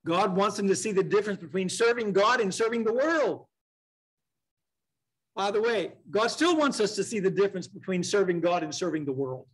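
A man with a fairly high voice leads a midweek Bible study in a church classroom. He talks in a plain conversational way, slowing down to read scripture passages aloud and putting questions to his class. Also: breathy edge, rough recording. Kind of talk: casual Bible study teaching.

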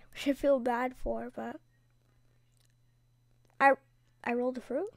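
A woman's voice: sits high, steady tone, a little slow, vocal fry, pauses often, dry recording, clean studio sound. A woman giving casual, rambling gameplay commentary, chatty and dramatic, full of slang. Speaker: gaming video creator.

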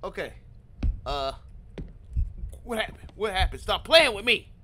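A man playing through a horror game, reacting out loud in jumpy, slangy commentary and talking to himself. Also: high voice, big pitch swings, measured pace, a little hiss or hum. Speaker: gaming channel host.

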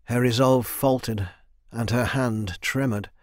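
A male narrator reads a fantasy audiobook in an even, measured way. His voice sits in a middle range. The recording is dry and close, from a studio booth. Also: mid-range voice, no room sound. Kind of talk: scripted narration.

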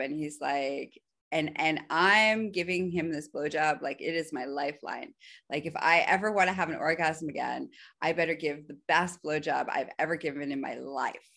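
A woman guest on a podcast telling a candid personal story, animated and laughing often, her voice jumping high when she quotes herself.

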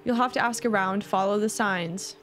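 A woman's voice: mid-range voice, moderate pace, fairly bright tone, faint music behind, natural voice. A woman reading an evasive old king. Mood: calm. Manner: reading dialogue aloud plainly. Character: wise but evasive male king.

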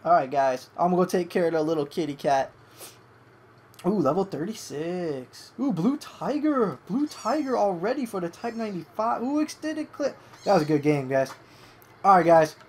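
A young adult gamer gives excitable live commentary over a match, cursing at opponents and coaxing a pet between plays. The voice is mid-range at a normal speed, with a little hiss or hum in the background.

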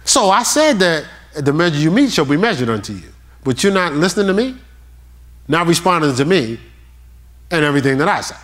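Animated male pastor preaching. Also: a little high. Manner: animated, talks straight to the congregation with questions; reads scripture aloud slowly. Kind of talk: sermon.

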